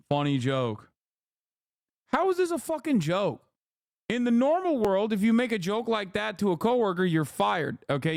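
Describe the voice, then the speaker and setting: A man's voice: sits high, vocal fry, no room sound, studio quality. A man giving heated, profane reaction commentary on a livestream, ranting and mocking what he reads. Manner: mocking quoted voices. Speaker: streamer.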